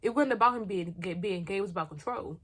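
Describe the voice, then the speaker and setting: A young woman vlogger talks fast in a medium-pitched voice that's a bit bright and slightly rough. She tells a personal storytime tale directly to viewers, using slang, staying candid, and bluntly mocking herself.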